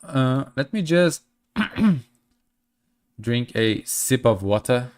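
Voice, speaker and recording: A man's voice: mid-range voice, very animated, very slow, a little mellow. A man streaming casually, speaking English as a second language with a stuffy blocked nose, chatting to his viewers with many fillers and restarts. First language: not English.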